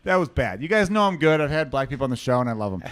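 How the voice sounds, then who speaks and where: A man's voice: medium pitch, big pitch swings, rapid-fire, crowd noise. A man hosting a podcast, talking in a joking, crude and self-deprecating way in casual bar-room chat. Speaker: podcast host.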